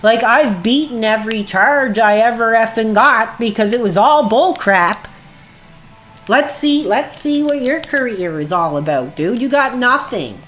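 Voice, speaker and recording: A woman's voice: fairly high pitch, expressive, moderate pace, hardly any pauses, fairly bright tone, faint music behind. A woman livestreamer ranting angrily at her chat in a heated, profane way. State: agitated. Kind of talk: angry livestream rant.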